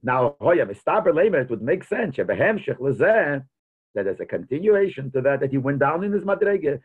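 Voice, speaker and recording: A man's voice: a little high, very animated, a little fast, husky. A man teaching a Torah lesson as a rabbi, mixing Hebrew and Yiddish terms into his English and thinking aloud as he explains. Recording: tinny phone-like audio.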